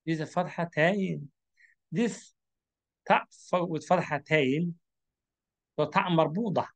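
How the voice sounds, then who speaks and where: A man with a Somali accent teaching Quran reading, slowly spelling out letters and drawing out each syllable as he repeats it. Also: a little high, vocal fry. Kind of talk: slow classroom instruction.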